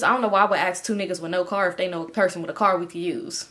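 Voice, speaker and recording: A woman's voice: lowish voice, fairly even intonation, racing, a bit bright. Slangy young woman telling a story. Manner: slangy, rambling, swears freely. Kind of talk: casual storytime chat.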